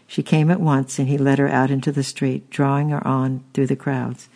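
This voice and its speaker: A man narrating a historical story aloud in a steady reading, now and then stumbling and repeating a word. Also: mid-range voice, moderate pace, creaky. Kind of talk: audiobook reading.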